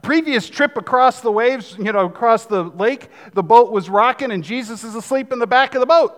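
A man's voice: extremely high pitch, moderate pace, a bit bright, long reverb tail. A man in his fifties preaching a sermon as pastor, in a conversational, joking manner. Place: church sanctuary.

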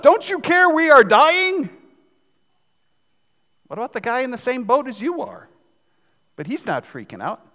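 A man's voice: sits high, pushed and bright, in a large hall. A man in his fifties preaching a sermon as pastor, in a conversational, joking manner. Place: church sanctuary.

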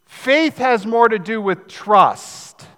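A man's voice: high-pitched, lively intonation, slow pace, pushed and bright, big-room sound. A man in his fifties preaching a sermon as pastor, in a conversational, joking manner. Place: church sanctuary.

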